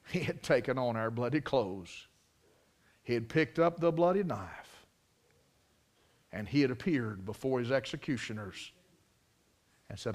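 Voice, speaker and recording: A man's voice: mid-range voice, animated, unhurried, pauses often. Man preaching with dramatic swings. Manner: dramatic preaching, swinging from soft asides to loud declarations. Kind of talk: sermon.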